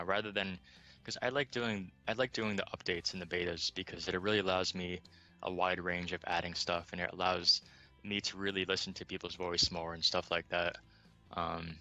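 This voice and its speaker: A man from the United States with a very low, bright and forceful voice, chatting casually as a guest. He talks about his work with enthusiasm, filling pauses with ums. Faint music plays underneath. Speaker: game asset developer guest. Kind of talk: casual interview chat.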